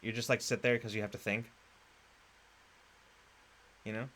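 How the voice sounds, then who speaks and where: A man chatting casually on a podcast, lively and quick to laugh, with many fillers. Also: on the low side, slight background noise. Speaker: podcast co-host. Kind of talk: casual chat.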